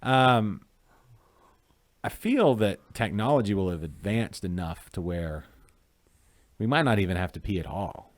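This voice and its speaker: A man with a lowish voice co-hosts a casual chat, rambling from one joking idea to the next. He often trails off into quieter mumbles. The recording is close and dry. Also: expressive, measured pace, long pauses, no room sound. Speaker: podcast co-host.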